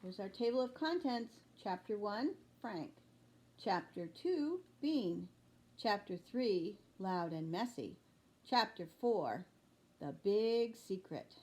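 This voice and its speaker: A woman teacher reading a children's chapter book aloud, slow and deliberate. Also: medium pitch, expressive, mellow.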